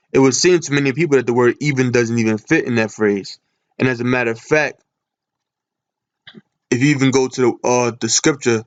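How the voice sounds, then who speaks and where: A man giving a Bible lesson from his computer screen, asking and answering his own questions as he reads. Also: medium pitch. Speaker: Bible teacher. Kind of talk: screen-share scripture lesson.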